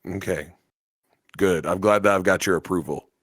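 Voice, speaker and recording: A man's voice: low-pitched, moderate pace, a bit bright, no echo, clean studio sound. A man co-hosting a podcast in casual chat, rambling and teasing, laughing often. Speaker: podcast co-host. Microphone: webcam setup at home.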